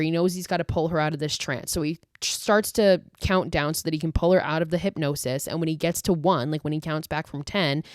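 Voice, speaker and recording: A woman's voice: sits low, smooth, no room sound, studio quality. Chatty woman recapping a horror film. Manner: profane, exasperated asides; filler-heavy retelling with 'like'. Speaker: podcast host. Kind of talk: casual movie recap.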